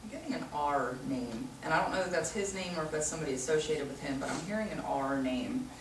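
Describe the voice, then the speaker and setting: A woman working as a psychic medium who gives a group reading to an audience, talking in a warm, chatty way full of "you know.". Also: low-pitched, animated, fast talker, far from the mic. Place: room with a small audience. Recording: echoey room recorded from afar, noisy.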